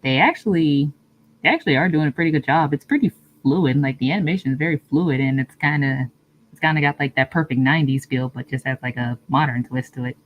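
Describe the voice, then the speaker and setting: Streamer, woman, low pitch, chatty and easygoing with viewers. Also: fast talker. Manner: chatty, answers viewer comments, laughs often. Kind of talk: casual live-stream chat.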